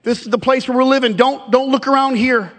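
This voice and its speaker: A man preaching a sermon, animated and emphatic, joking with the congregation between scripture readings. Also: very high voice, brisk. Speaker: pastor. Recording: long hall reverb.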